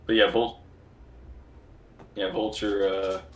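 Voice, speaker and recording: Easygoing co-host, halting casual recap, roomy echo on the voice. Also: low-pitched. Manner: relaxed, hesitant, with fillers and laughs. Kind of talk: casual movie reaction chat.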